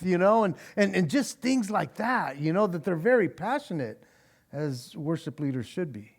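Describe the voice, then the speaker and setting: A male pastor leading an evening Bible study in a church, talking in an animated way, often tripping over and repeating his words and breaking into laughs. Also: high voice, normal speed.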